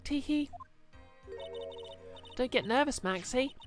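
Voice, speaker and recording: A man voicing a naive, chirpy young girl in a video game, with a high giggly voice. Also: slow, soft background music.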